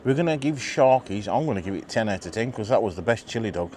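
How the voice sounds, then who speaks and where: A British man with a fairly low voice hosts a casual food vlog at a marina, rating what he eats and bantering between bites. His talk is chatty and jokey, recorded outdoors. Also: expressive, fast, a little mellow. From Britain. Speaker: vlog host.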